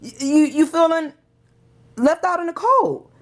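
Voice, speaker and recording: A woman's voice: sits high, animated, measured pace. A woman gives a tarot reading. She talks in an emotional, preachy way, pressing each point with urgency. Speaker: tarot reader.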